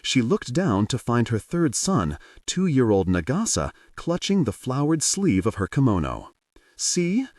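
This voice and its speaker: A man narrating an audiobook in an expressive, varied way. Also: medium pitch, measured pace, few pauses, no room sound. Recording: dry, slightly distant mic.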